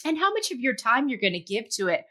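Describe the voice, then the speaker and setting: This middle-aged woman, hosting a podcast interview, talks quickly in a slightly high, highly animated voice. Warm and affirming, she says "yeah" often while asking her guest reflective questions in a conversational style.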